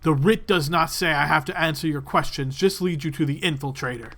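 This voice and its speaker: A man voicing an irritated, sneering male dungeon jailer who talks in curt, haughty, loud bursts. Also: fairly high pitch, brisk, soft background music.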